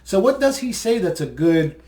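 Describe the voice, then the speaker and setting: A man's voice: high-pitched, very animated, normal speed, dark tone. A man in a casual commentary vlog, rambling and mocking, with many fillers as he replies to comments. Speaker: video creator replying to comments.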